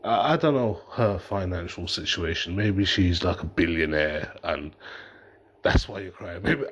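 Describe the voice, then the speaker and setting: A man with a low, slightly husky voice rambles through a reaction commentary. He talks in fits and starts, swearing casually and laughing at what he describes. It sounds unpolished and conversational. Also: a little slow. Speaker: reaction vlogger.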